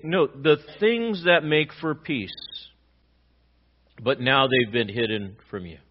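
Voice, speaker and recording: A man pastor preaching a sermon, swinging between loud emphatic lines and quiet low ones. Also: lively intonation, unhurried, breathy edge, highs cut off.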